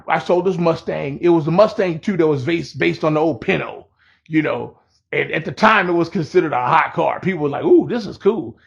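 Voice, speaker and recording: A man tells a story to camera in a loose, rambling way, peppering it with slang and loudly acting out other people's lines. His voice is gravelly and sits a little high for a man. The recording sounds dull and lo-fi. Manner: rambling, laid-back, heavy slang, acts out quotes loudly.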